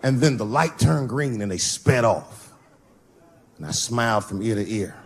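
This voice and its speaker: Animated male stand-up comedian. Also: medium pitch, unhurried, husky. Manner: animated, bursts into shouts. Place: comedy stage with live audience. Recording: noisy live show recording.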